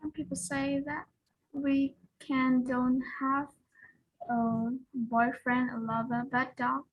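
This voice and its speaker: A woman answers her English class prompt slowly, with deliberate and formal wording. Her voice is high and a little breathy. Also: little pitch movement, muffled recording. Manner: careful, deliberate, formal phrasing. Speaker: student. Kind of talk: answering a speaking test question.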